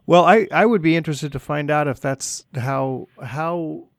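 A man's voice: fairly high pitch, unhurried, gravelly, no echo, clean studio sound. A man co-hosting a casual podcast, talking hesitantly with frequent restarts and agreeable responses. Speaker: podcast co-host.

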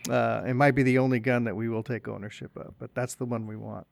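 A man co-hosting a podcast, chatting casually in a halting way with many uhs and restarts. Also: mid-range voice, little pitch movement, creaky. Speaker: podcast co-host. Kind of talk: casual chat.

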